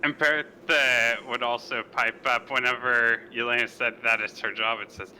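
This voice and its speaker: A man playing a tabletop game, speaking in an unhurried, relaxed way. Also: medium pitch, slight background noise, poor audio. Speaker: player. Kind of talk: casual chat at a tabletop game.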